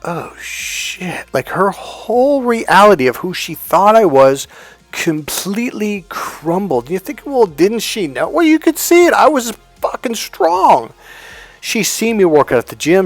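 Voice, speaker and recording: A middle-aged man tells stories in a fired-up, then hushed way, swearing as he goes. His voice sits fairly high and moves around a lot. The sound is dry and close, with faint music underneath. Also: no echo. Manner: swings from fired-up to low and hushed, swears freely. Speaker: motivational speaker. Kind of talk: storytelling monologue.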